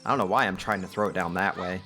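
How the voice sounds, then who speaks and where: A man's voice: low voice, quick pace, bright, forceful tone, faint music behind. A man giving casual, upbeat gameplay commentary as host of a let's play, chatty and self-deprecating.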